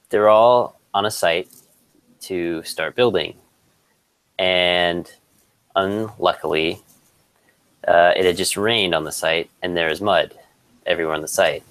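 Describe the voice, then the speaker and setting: A man with a very low voice chats casually and tells jokes at an easy, slow build. The sound is dry and close, with no room around him. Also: fairly bright tone, smooth, no room sound, poor audio. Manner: laid-back, chuckles often, tells jokes in a slow build-up. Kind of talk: casual chat.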